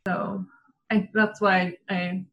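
A woman's voice: mid-range voice, level tone, slow, lo-fi sound. A woman in casual chat, giggling often and talking with lots of fillers. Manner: giggly, chatty, many fillers.

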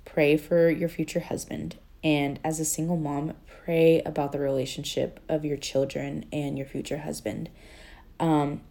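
Woman podcast host, low and warm voice, earnest chatty delivery with many fillers. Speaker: podcast host and life coach. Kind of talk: casual faith-based podcast talk.

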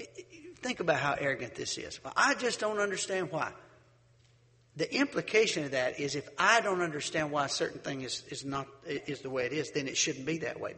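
A middle-aged male pastor delivers a sermon with a fairly high voice, throwing rhetorical questions out to his congregation. His words ring out with a long hall reverb around them. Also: sharp tone.

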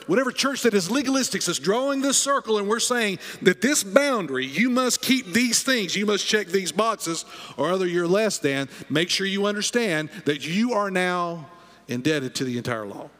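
Man, high voice, pastor preaching, emphatic, repeats phrases, church hall with long reverb. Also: animated, moderate pace, fairly bright tone. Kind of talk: sermon. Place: church sanctuary.

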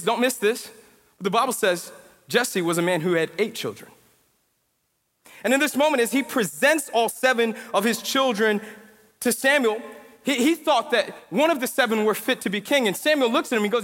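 High-voiced young pastor in a reverberant hall. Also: male voice, normal speed. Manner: animated storytelling, casual slang, builds to emphatic preaching. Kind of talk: sermon. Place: church sanctuary.

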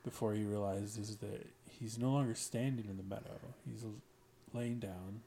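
A man's voice: on the low side, steady tone, moderate pace, warm tone, slight background noise. Hesitant man retelling a story. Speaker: podcast guest, writer. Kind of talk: casual chat, retelling a story.

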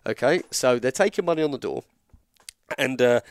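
Here an Englishman, appearing as a guest storyteller, relates a lengthy story in relaxed conversation, animatedly performing what each person in it said. He speaks at a moderate pace in a medium-pitched voice, captured cleanly and dry in a studio.

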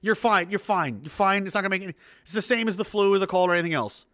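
A man delivering a heated, profane monologue of political commentary, emphatic and fast to anger. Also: high voice, fairly bright tone, no room sound, clean studio sound. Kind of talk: ranting monologue.

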